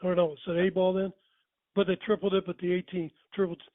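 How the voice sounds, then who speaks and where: A man's voice: sits high, level tone, fast talker, no room sound. An older man telling stories casually, rambling and correcting himself as he goes. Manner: rambling, self-correcting, chuckling. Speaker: storyteller. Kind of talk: casual storytelling. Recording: tinny phone-like sound.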